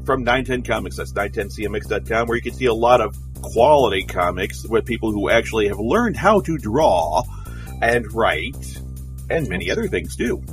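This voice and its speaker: A man's voice: fairly low pitch, animated, moderate pace, faint music behind. Dry, sarcastic podcast host man. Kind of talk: webcomics news podcast discussion.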